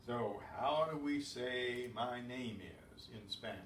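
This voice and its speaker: A man teaching a beginners Spanish class, explaining patiently with slow, repeated examples. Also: mid-range voice, slight background noise. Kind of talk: classroom lesson. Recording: echoey room, distant mic.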